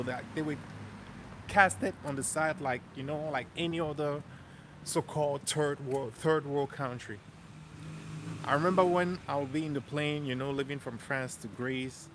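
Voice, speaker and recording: A man vlogging as he walks outdoors through a city neighborhood, telling stories in a relaxed, chatty way with plenty of slang and repeated phrases. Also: fairly high pitch. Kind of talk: casual storytelling walk-and-talk. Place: outdoors on a city street, walking. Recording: street traffic noise behind.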